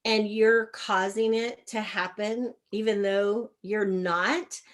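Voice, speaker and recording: A middle-aged woman, a leadership coach, telling a candid personal story in an interview, acting out quoted exchanges. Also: slow pace. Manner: animated, acts out quoted exchanges with shifts in pitch and loudness.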